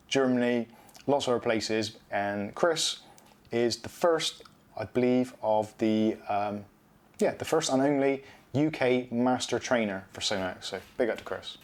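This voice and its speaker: Reading out comments from his viewers, a medium-pitched, middle-aged British man chats and rambles while running a laid-back live stream.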